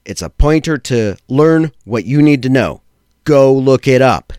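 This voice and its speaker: A man hosting a podcast, giving blunt, opinionated commentary with a sardonic edge. He swears for emphasis and slows down to hit the key phrases. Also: mid-range voice, animated, a little mellow, clear, resonant tone, no echo, clean studio sound. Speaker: podcast host. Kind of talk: opinionated tech and law commentary.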